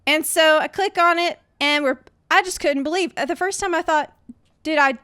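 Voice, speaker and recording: A woman's voice: extremely high pitch, moderate pace, sharp tone, dry recording, studio quality. A young woman hosting a gaming video, ranting with sarcastic, indignant, theatrical outrage. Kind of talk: ranting game commentary.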